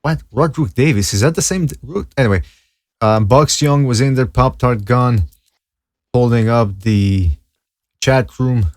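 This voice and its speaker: A man's voice: medium pitch, unhurried, darkish tone, dry recording, clean studio sound. A man hosting a casual podcast, laid-back and thanking his guests by name. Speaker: podcast host. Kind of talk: casual chat.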